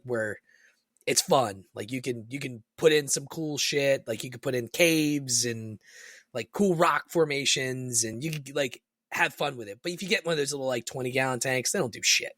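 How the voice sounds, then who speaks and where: A man co-hosting a casual podcast chat, telling lively stories with swearing and leaping into high voices to mimic people. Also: no room sound, studio quality. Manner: animated storyteller, swearing, jumps high in pitch to mimic voices. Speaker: podcast co-host.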